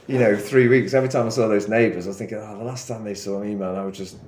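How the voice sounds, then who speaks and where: A man's voice: fairly low pitch, fairly even intonation, fast talker, a little mellow, a little hiss or hum. Give me a young man co-hosting a podcast, chatty and rambling, laughing as he talks, with a roomy echo. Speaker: podcast co-host. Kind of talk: casual storytelling chat.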